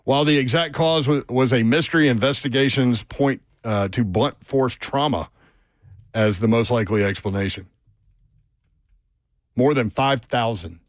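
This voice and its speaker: A man hosting sports talk radio, mid-pitched and easygoing, who jokes and spins odd stories between game listings. His voice is close and dry, with almost no room sound. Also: moderate pace, no echo. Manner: jokey, storytelling, reads out game lines. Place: radio studio.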